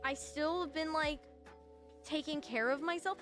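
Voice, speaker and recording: A high, bright young-sounding woman chatting to her stream viewers in a bubbly, excitable way, tipping into shrill squeals. Faint music plays behind her voice. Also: brisk. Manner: bubbly, excitable, bursts into high shrieking outbursts. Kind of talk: casual chat to stream viewers.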